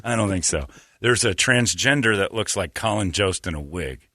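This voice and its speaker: A man's voice: low-pitched, normal speed. A man hosting a podcast in casual chat, telling stories with put-on voices and laughter. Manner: animated storytelling with mocking voices and laughs. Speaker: podcast host.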